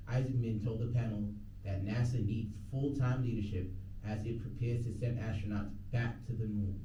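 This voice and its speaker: A man's voice: on the low side, mellow, distant mic, dull audio, a little hiss or hum. Young man reading campus radio news. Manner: self-mocking, slangy asides between reads. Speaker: campus radio newscaster and vlogger. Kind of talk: casual vlog with news reading. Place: radio station booth.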